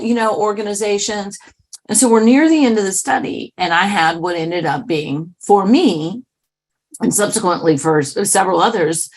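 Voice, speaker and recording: A woman author and speaker telling a story in a lively, conversational interview, with asides to her listeners. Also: fairly low pitch, vocal fry, husky.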